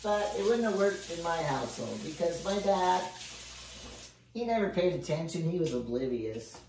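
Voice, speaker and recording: A woman's voice: fairly low pitch, sing-song, normal speed, a little mellow. An older woman chatting casually and telling rambling family stories while she bakes, chuckling often. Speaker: home cook vlogger. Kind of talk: casual chat while baking. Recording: echoey room, faint noise.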